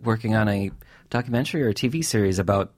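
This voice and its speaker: A man's voice: on the low side, quick pace. A man interviewing a guest, curious and engaged, giving short acknowledgments as he listens and asking follow-up questions. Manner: curious, brief backchannels, laughs along. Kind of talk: casual interview conversation.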